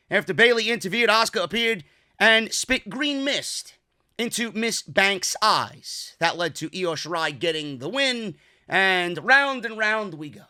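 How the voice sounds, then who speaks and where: A man's voice: high-pitched, pushed and bright. A young man from New York ranting sarcastically and profanely while reviewing a wrestling show.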